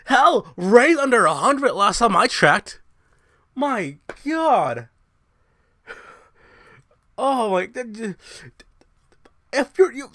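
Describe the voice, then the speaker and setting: Brash, animated man ranting. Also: high-pitched, dry recording, clean studio sound. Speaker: show host. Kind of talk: casual ranting monologue.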